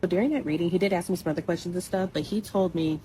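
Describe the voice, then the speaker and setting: A young woman tells a personal story quickly, in a blunt, chatty way with many asides to the listener. Her voice sits low. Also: slight background noise, poor audio. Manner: blunt, animated, conversational with asides.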